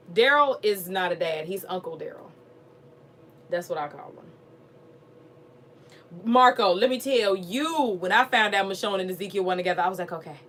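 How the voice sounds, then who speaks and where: A woman hosting a live stream, chatting casually with her viewers in a lively, profane, fired-up way. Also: mid-range voice. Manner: animated, profane, talks straight to viewers.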